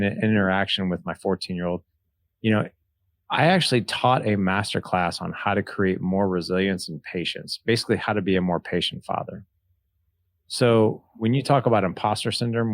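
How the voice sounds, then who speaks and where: A man's voice: on the low side, dry recording. A man in his forties, a podcast guest, telling personal stories in an earnest, candid way. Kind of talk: conversational interview storytelling.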